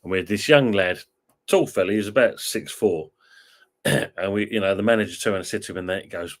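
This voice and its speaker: A man's voice: fairly low pitch, quick pace. A middle-aged man, co-hosting a casual chat and telling old football stories with plenty of swearing. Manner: swears freely, tells football stories animatedly. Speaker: podcast co-host.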